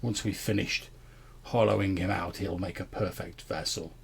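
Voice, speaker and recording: A man's voice: sits low, fairly even intonation, moderate pace, gravelly, husky, heavily acted. A man voicing a hooded cultist who speaks in a cold, matter-of-fact way.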